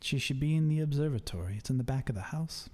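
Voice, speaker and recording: A man's voice: medium pitch, animated, fast, darkish tone, close to an everyday voice. Man voicing a fretful frail old lady. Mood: worried. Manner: quavering, repetitive small talk. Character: lonely frail elderly woman, clingy and fretful.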